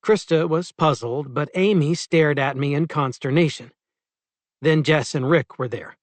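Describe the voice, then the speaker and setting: A man narrating a short story aloud in the first person in a measured, steady way. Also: a little high, dry recording. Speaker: audiobook narrator.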